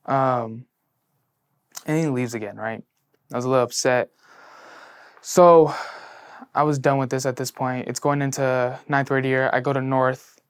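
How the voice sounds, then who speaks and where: Recent high school grad, male, medium-pitched clear voice, telling his own story with earnest ups and downs. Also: a little slow, long pauses. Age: late teens. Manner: earnest storytelling, heavy use of "like", shifting between hushed and excited. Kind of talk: personal testimony in a sit-down interview.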